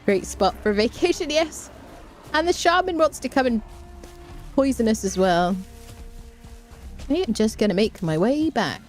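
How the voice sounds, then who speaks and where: A woman's voice: high voice, very animated, moderate pace, long pauses, darkish tone, faint music behind. A woman streaming a survival game, chatting in a jokey, jittery way and often yelping in fright. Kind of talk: live gameplay commentary.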